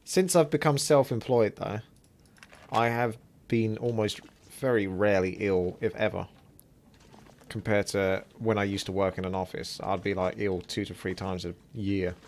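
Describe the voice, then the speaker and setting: Male game streamer, low voice, casual chatty commentary, slight sore throat, faint noise behind. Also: steady tone, normal speed, a little mellow. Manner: casual, chatty, rambling asides. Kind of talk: live gameplay commentary.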